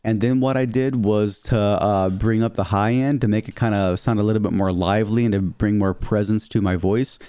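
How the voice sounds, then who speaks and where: A man with a low, dark voice walks through his audio settings in a loose, filler-heavy way and checks in with the listener constantly. His tone is smooth and even. He is recorded close on a studio microphone with a dry sound. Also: moderate pace, hardly any pauses, no room sound. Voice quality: lower register, somewhat muddy midtones. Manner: chatty, filler-heavy, keeps saying "okay?" and "here". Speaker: streamer explaining audio settings. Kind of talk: casual tutorial. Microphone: dynamic studio mic, close.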